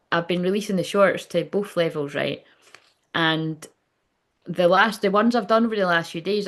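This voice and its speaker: Lady doing a psychic livestream, rambly and sweary, talks to chat like friends. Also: on the low side. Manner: chatty, rambling, laughs often, swears. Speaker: psychic medium host. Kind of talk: casual livestream reading.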